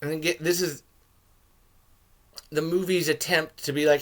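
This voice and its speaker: A man hosting a podcast, giving a rambling, casual film commentary with swearing and sudden shouted jokes. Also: a little high, little pitch movement, moderate pace, long pauses. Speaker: podcast host reviewing a film.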